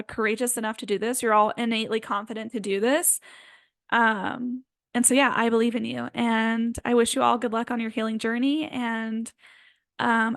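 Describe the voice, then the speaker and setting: A woman energy healer talks softly and loosely, filling her sentences with "um" and "like" as she guides her listeners. Her voice sits a little high. The sound is close and dry, with no room around it. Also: dry recording. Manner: gentle, rambling, many fillers. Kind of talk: casual spiritual guidance talk.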